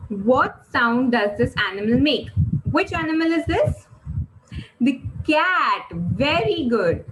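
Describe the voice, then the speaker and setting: A woman teaching an online class for young children, asking quiz questions in an animated, sing-song way and praising often. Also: high-pitched, a little hiss or hum, poor audio.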